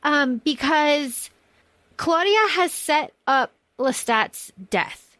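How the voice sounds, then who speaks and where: Woman podcast co-host, high voice, enthusiastic and rambling, dry recording. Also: extremely slow, fairly bright tone, dry recording. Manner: rambling, enthusiastic, swears freely. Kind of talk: casual film discussion.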